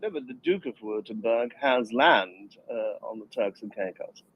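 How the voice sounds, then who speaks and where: A man's voice: fairly low pitch, lively intonation, normal speed, slightly rough, lo-fi sound. A man on a casual online panel, insistent and making his point again and again. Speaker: panel participant.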